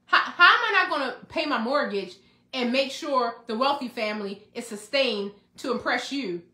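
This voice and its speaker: A woman giving a motivational self-love talk that sounds like preaching, excitable, with repetition and rhetorical questions. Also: high-pitched, moderate pace, roomy sound. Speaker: self-help speaker.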